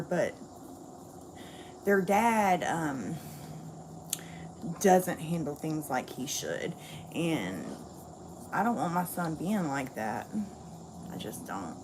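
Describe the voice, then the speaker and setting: Woman livestreamer, candid and blunt, lower-pitched voice, faint noise behind. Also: very animated, takes it slowly, pauses often. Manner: candid, blunt venting with swearing. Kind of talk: casual livestream chat.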